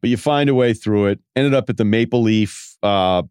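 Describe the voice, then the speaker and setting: A man with a lowish voice hosts a podcast and tells rambling stories. He laughs at himself and keeps a loose, casual delivery. The sound is dry and close. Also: moderate pace, a little mellow, clear, resonant tone, dry recording. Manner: rambling, self-deprecating, laughs at his own stories. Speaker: podcast host. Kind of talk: casual storytelling monologue.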